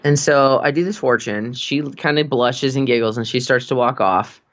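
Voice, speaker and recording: A man with a middle-pitched voice tells easygoing stories in casual conversation and laughs often. The recording sounds a little dull and lo-fi. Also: normal speed, fairly bright tone. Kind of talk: casual chat.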